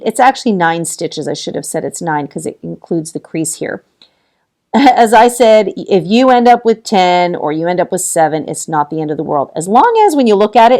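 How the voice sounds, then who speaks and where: A woman with a lowish, somewhat dark voice leads a casual crochet tutorial, walking through each step, counting stitches out loud and laughing often as she encourages viewers.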